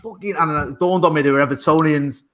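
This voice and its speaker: A man's voice: a little high, quick pace, a bit bright, a little hiss or hum. A man, telling swearing, rambling anecdotes in casual podcast chat. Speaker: podcast co-host.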